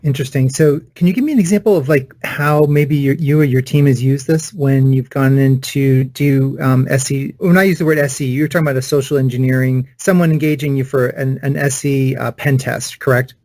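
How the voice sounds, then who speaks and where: A man's voice: mid-range voice, fairly even intonation, a little fast, few pauses, darkish tone, no echo. Podcast host guy, stops and restarts his questions, dry sound. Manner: hesitant, rephrases his questions as he goes. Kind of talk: interview questions.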